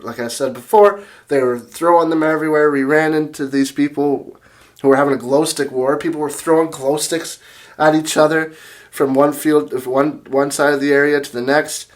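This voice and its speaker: Young male host, fairly high voice, rambling, excitable, casual retelling with lots of fillers. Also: moderate pace. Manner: rambling with many restarts and fillers, laughs often; excitable, reads out quotes from notes. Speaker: music channel host. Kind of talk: casual video commentary retelling events.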